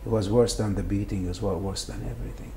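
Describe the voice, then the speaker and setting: A man's voice: on the low side, fairly even intonation, dark tone. A man speaking in an interview, who halts and repeats words as he recounts what he went through; his first language is Arabic. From Saudi Arabia. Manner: halting, repeats words often. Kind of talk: emotional interview testimony. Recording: faint background noise.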